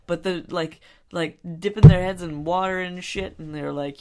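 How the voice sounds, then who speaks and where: A woman's voice: fairly low pitch, steady tone, moderate pace, warm tone, clear, resonant tone. A woman co-hosting a podcast in casual, rambling chat, loose and giggly as she talks. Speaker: podcast co-host.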